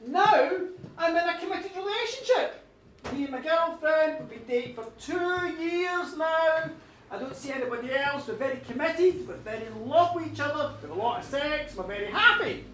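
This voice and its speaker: A man voicing a cheerful, shameless young woman who talks loudly and gushingly. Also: very high voice, animated, normal speed, slight background noise. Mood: insistent. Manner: loud, gushing, emphatic. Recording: roomy live hall, distant mic.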